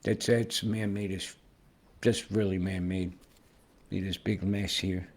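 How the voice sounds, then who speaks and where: A man's voice: sits low, level tone, slow pace, a little mellow. A man with a rambling, conspiratorial and profane manner, pointing out things on a screen as a weather vlogger.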